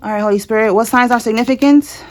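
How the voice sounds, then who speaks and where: A woman's voice: on the high side, quick pace, a little hiss or hum. A woman giving a casual tarot reading, blunt and chatty, with cursing and laughter. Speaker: tarot reader.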